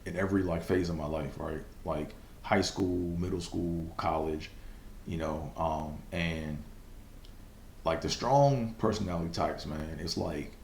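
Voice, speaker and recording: Deep-voiced man rambling on a podcast. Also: unhurried, gravelly, a little mellow, echoey room, a little hiss or hum. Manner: loose, rambling storytelling with many fillers and profanity; stutters at times. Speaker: podcast host. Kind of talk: casual solo podcast monologue.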